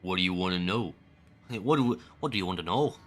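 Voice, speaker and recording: A man voicing a polite middle-aged male townsman from a video game with a put-on Canadian accent and a low, easygoing delivery. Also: lively intonation, quick pace. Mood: apologetic.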